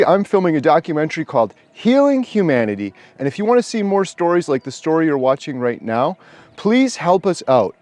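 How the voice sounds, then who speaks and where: Man, documentary filmmaker, earnest direct appeal, slightly high pitch, dry sound. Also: darkish tone, dry recording.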